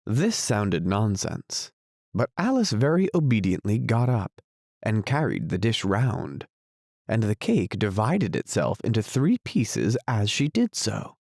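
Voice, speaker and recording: A man narrating a classic children's novel as an audiobook, in a measured, unhurried way. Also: fairly low pitch, darkish tone, no room sound, clean studio sound. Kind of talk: scripted narration.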